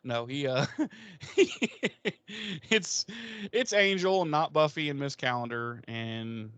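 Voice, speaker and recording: A man co-hosting a podcast, retelling an episode in casual, profane, animated chat. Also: medium pitch, moderate pace, clean tone, no echo. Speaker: podcast co-host.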